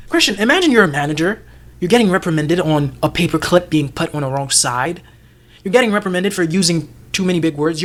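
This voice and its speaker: Animated, laughing man talking TV. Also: fairly high pitch. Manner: animated, swearing, laughing often, acting out lines. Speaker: podcast co-host. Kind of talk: casual TV discussion.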